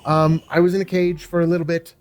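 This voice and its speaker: A man voicing an earnest, worried mother in a tabletop game, talking in halting, rambling bursts. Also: fairly high pitch, little pitch movement, darkish tone, pitched above the performer's own voice, lightly acted. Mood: relieved. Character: worried mother mage, middle-aged woman, earnest.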